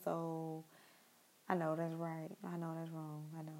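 A woman's voice: on the low side, little pitch movement, fairly quick, dark tone, poor audio. A young woman talking in a casual, rambling monologue, repeating herself and speaking straight to her listeners.

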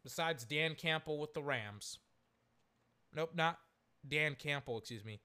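Brief: high, bright male sports commentator, exasperated solo rant, keeps correcting himself. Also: a little slow, smooth.

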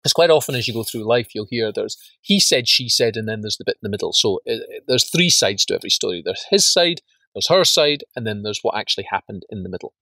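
A man's voice: fairly low pitch, expressive, fast talker, pushed and bright, no echo. A man teaching a business course, asking rhetorical questions and stressing words emphatically, with frequent repeats. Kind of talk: spoken lesson on facts and truth.

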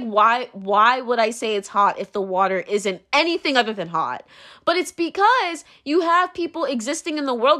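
A woman's voice: high-pitched, fairly bright tone. A woman in her twenties hosting a solo podcast, rambling and ranting with many fillers and swear words. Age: 20s. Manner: rambling, profane, constant "like" fillers; exasperated, ranting. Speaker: podcast host.

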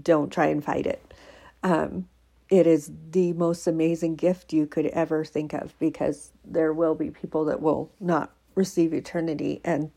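A woman with a low, gravelly voice talks earnestly about her faith, teary and heartfelt. Her tone is mellow and a bit husky, and she speaks casually with many fillers. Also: flat delivery, unhurried. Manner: earnest, emotional, laughs often, many fillers. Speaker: faith podcaster. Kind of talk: casual devotional talk.

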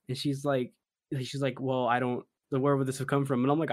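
A young man hosting a podcast, telling a story in casual chat that turns into animated, laughing disbelief. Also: mid-range voice, a little fast, no room sound, clean studio sound. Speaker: podcast host.

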